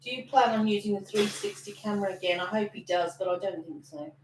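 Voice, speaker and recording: A woman's voice: mid-range voice, quick pace, slight background noise. A middle-aged woman co-hosting a casual live stream, teasing her husband and reading out viewer comments. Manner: teasing, chatty, reads out comments. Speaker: co-host, host's wife. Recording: roomy home recording.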